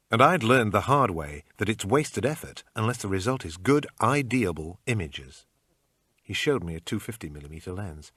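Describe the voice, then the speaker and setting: A man's voice: low-pitched, fairly bright tone, slightly rough, no echo. A man narrating a first-person thriller audiobook in a dry, matter-of-fact manner, close to the mic.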